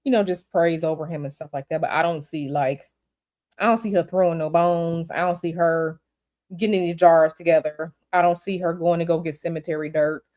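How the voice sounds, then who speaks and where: A woman reading tarot on a livestream, answering viewer questions in a blunt, animated, repetitive way. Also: fairly low pitch, a little fast. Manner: blunt, animated, repeats herself. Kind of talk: casual livestream chat.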